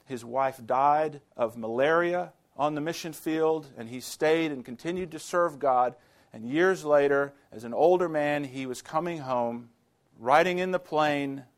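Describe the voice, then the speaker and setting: A man's voice: fairly high pitch, unhurried. A man preaching a sermon to students, telling stories and rising to emphatic exclamations.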